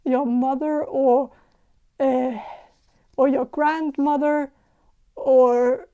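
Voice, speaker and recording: A woman giving a casual tarot reading, talking in a halting, hesitant way with many fillers and restarts. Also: sits high, flat delivery, dark tone, highs cut off. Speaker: tarot reader.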